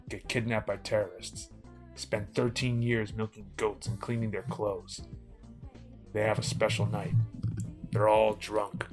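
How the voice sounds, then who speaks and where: A man reading short comic stories aloud in a deadpan way, then chatting with a co-host. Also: lowish voice, vocal fry. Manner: deadpan reading, laughs at the punchlines. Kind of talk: comedic story reading with banter.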